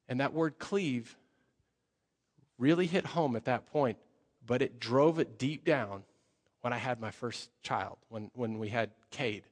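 A young adult man preaching a sermon as pastor, telling stories with lively energy, fillers and repeated phrases. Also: mid-range voice, moderate pace, long pauses, big-room sound.

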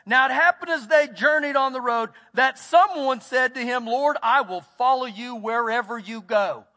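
Texan male pastor, very high pitch, folksy storyteller, preaching in a church with long reverb. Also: normal speed, bright, forceful tone. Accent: Texas. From United States. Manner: folksy storytelling, acts out quotes. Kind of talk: sermon. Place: church sanctuary.

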